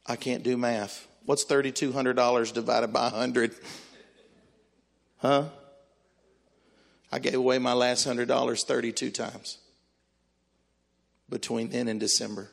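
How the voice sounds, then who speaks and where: A man, a pastor, telling a story in a sermon in an animated, exclamatory way and acting out the voices. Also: mid-range voice, unhurried, vocal fry, pauses often.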